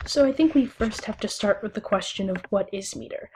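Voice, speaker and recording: A young woman giving a recorded lesson as a teacher, speaking slowly and deliberately and sounding out syllables one by one. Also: mid-range voice, a little mellow, a little hiss or hum.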